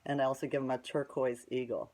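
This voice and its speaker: A woman's voice: a bass voice, flat delivery, fast talker, warm tone. A woman telling a long story in a casual, rambling way, bluntly scornful and tagging her sentences with "right?". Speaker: vlogger.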